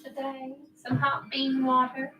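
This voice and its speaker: A woman's voice: sits high, monotone, a little slow, sharp tone, highs cut off. A woman co-hosting a live stream, chatting casually and teasing playfully. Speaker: co-host, partner. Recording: roomy echo with music. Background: music.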